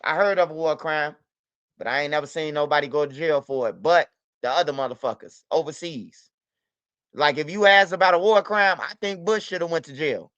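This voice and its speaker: High, bright-voiced man ranting on a stream. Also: fairly quick, clear, resonant tone, no echo, highs cut off. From United States. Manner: loose, profane, repetitive street talk. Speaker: livestream host. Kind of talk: casual livestream talk.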